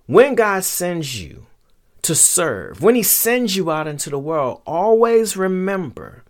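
A man's voice: high voice, sing-song, takes it slowly. A man hosting a show, giving a casual, conversational Bible lesson in colloquial slang and acting out quotes. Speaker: podcast host and Bible teacher.

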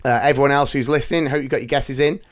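A man's voice: medium pitch, fairly even intonation, racing. Jokey upbeat man hosting. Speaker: podcast host. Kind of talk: casual chat.

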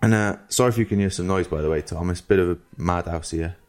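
A Welsh man in his thirties, co-hosting a podcast and telling a rambling story in a casual, animated way, often acting out what people said. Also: deep voice, quick pace. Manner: rambling, animated, quotes people in lively voices. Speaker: podcast co-host.

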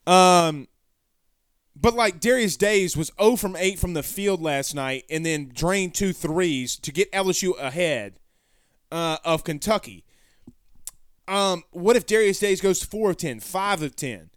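A man's voice: sits high, measured pace, clean tone, no room sound, clean studio sound. Chatty man hosting a sports show. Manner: rambling, self-correcting, folksy. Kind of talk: casual live-stream chat reading comments.

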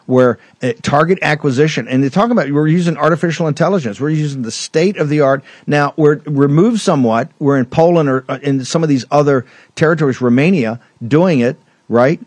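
A man's voice: a little high, brisk, a little mellow, dry recording. A man hosting a political talk show, ranting emphatically and combatively, rambling with restarts. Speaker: show host.

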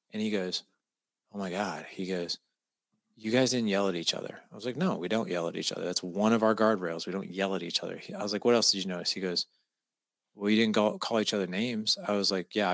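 A gravelly, low-pitched middle-aged man talks fast as a podcast guest, sharing a personal story in casual conversation. He's animated, acting out quoted dialogue, with no echo in the audio.

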